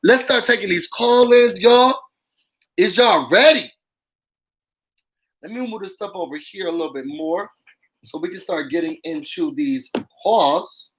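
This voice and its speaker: A man's voice: high-pitched, unhurried, pauses often, poor audio. A man hosting a casual live-stream show, talking straight to viewers with lots of fillers. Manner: animated, talks straight to viewers, heavy "y'all" and "um" fillers. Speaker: YouTube show host. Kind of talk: casual live-stream commentary with call-ins.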